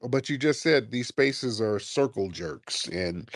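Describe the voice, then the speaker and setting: A man's voice: medium pitch, lively intonation, measured pace, no room sound, studio quality. A man hosting a live call-in audio chat with a lingering cough, brash and sarcastic, cursing freely as he takes callers. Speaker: host.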